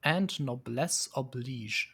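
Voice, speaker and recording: A man's voice: medium pitch, slow, vocal fry, fairly bright tone, breathy edge, soft background music. A man streaming live, casually musing and hesitating as he sets up a strategy game, chuckling often. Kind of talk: casual live gameplay commentary.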